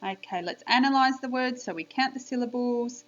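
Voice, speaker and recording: Woman, encouraging early-years teacher voice, slow and clear, lo-fi home video audio. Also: on the high side, slight background noise. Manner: bright, encouraging, slow and clear, sing-song teacher talk. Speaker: primary school teacher. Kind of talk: recorded spelling lesson for young children.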